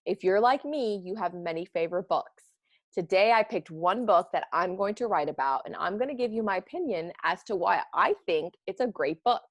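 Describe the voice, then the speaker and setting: A woman teacher giving a read-aloud writing lesson for children, animated and expressive, a parent herself. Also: medium pitch, moderate pace, no echo. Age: adult, parent of children. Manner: animated, expressive, bursts of excitement.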